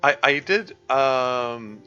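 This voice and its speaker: A man chatting over his stream, hesitant and full of restarts, chuckling between thoughts. His voice sounds bright and sharp. The sound is slightly muffled, with faint music playing under him. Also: mid-range voice, lively intonation, very slow, clean tone. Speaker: streamer reading a game mod. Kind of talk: live stream commentary.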